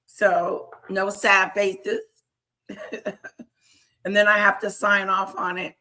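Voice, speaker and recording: A woman in her thirties hosts a casual livestream and talks through everyday stories at an unhurried pace. Her voice is bright and clear, and she tells things in a chatty way. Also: mid-range voice, flat delivery. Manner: slow, chatty storytelling with laughs. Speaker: livestream host.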